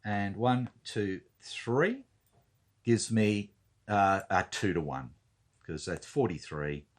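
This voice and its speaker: Slow, hesitant man counting aloud. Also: on the low side, animated. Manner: thinking aloud, counting units, hesitant fillers. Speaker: wargame player. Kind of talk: casual talk-through of a board game turn.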